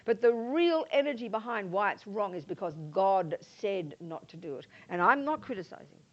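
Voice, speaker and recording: An older woman with an Australian accent, a Buddhist nun giving a lively dharma talk to a live audience and acting out the voices she quotes. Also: mid-range voice, normal speed. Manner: animated, acts out quoted voices. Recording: muffled lo-fi talk recording.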